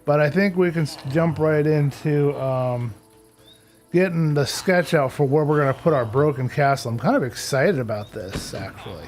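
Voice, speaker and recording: On a live game stream, a man with a higher, darkish-toned voice talks at normal speed while faint music plays behind him. He chats casually with viewers, talks to himself, and grumbles a little about technical glitches.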